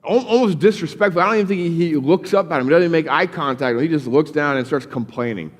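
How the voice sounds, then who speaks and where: A man's voice: on the high side, fast talker, big-room sound. A male pastor giving a casual, conversational sermon in a church, often repeating words as he starts sentences. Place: church sanctuary.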